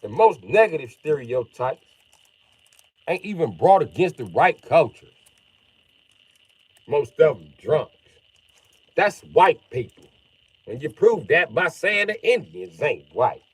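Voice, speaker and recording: Male live streamer, profane rambling rant, slightly high and husky. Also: sing-song, slow pace, pauses often, no room sound. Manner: profane, rambling, reacts to chat. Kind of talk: casual livestream rant.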